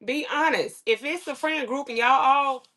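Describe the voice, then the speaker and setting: A woman co-hosting a podcast in casual chat, outspoken and animated, often acting out what other people might say. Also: high-pitched, moderate pace. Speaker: podcast co-host.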